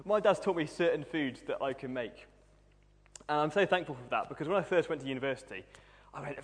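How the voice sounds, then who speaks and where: Preacher in a reverberant hall. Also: male voice, fairly high pitch, a little fast. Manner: humorous, self-deprecating storytelling. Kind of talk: sermon.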